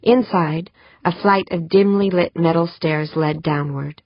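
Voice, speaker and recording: Low-voiced woman narrating a novel. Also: a little slow, no echo, muffled recording. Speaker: audiobook narrator. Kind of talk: scripted narration.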